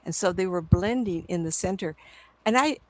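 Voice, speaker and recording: A woman in her seventies, a psychic medium, telling stories to an audience in an excitable, chatty way with frequent laughs. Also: lowish voice, normal speed, dry recording. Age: 70s. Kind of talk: storytelling talk to an audience.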